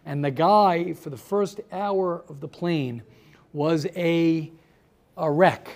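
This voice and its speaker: A rabbi leading a seminar gives a motivational talk to a small group, his voice fairly high and slow. He's an animated storyteller who calls on listeners by name and repeats words for emphasis.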